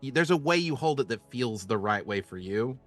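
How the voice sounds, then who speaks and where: A man's voice: medium pitch, animated, brisk, a bit bright, faint music behind. A man narrating as game master of a tabletop game, casual and rambling with frequent fillers.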